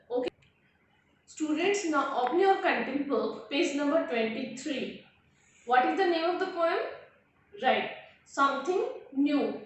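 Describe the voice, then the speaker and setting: An Indian English-accented woman teaches a young class, speaking patiently and repeating each question. Her voice sits high, and it rings around a hard, very echoey room with a faint hiss underneath. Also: a bit bright. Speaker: primary school English teacher.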